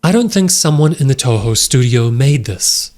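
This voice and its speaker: A man giving excitable, joking commentary while playing a horror game, talking straight to his viewers. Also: medium pitch, moderate pace. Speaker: gaming YouTuber. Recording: loud game music underneath. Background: loud game music.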